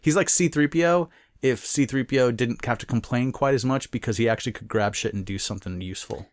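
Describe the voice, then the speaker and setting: A man's voice: medium pitch, fast, dry recording. A man co-hosting a podcast, rambling through a casual film review chat with many restarts. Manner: rambling, restarts and retells plot. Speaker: podcast co-host.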